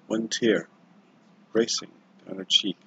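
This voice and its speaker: A man's voice: fairly low pitch, steady tone, slow, creaky, sharp tone, breathy edge, rough recording. A man casually telling an improvised story on a livestream, rambling and self-correcting, with chatty asides to viewers.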